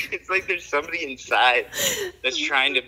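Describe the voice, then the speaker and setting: A man's voice: on the high side, slightly rough, poor audio. A man in a casual chat who giggles and teases, counting aloud as he talks. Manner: giggly, teasing, counts out loud.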